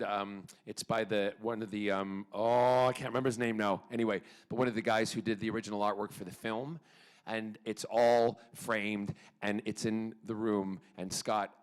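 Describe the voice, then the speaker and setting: A man's voice: on the low side, rough recording. A man with a North American accent answering fan questions at a convention panel, a playful, cheeky storyteller full of jokes and asides.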